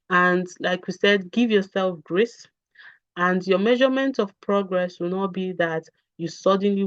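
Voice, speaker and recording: A woman's voice: on the low side, dry recording, lo-fi sound. A woman giving a parenting talk on a video call, earnest and repetitive, with many fillers. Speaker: parenting coach. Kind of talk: live online talk with Q&A.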